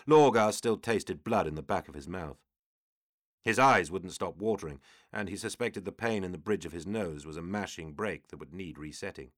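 A male audiobook narrator with a deep voice reads scripted narration at a moderate pace. The recording is studio quality with no room sound.

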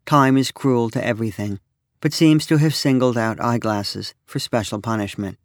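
A man's voice: medium pitch, normal speed, no room sound. Wry middle-aged man reading an essay. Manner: wry, dry, deadpan delivery. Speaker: essayist reading his own work. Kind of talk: reading a humorous personal essay.

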